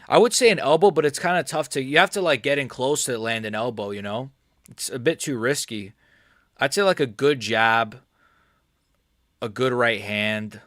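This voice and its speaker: A man's voice: medium pitch, fairly bright tone, dry recording. A male streamer rambles loosely about fights, cracking crude jokes and trailing off mid-thought. His voice sits in a middle range. The sound is dry and close. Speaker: MMA streamer. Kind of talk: casual livestream chat.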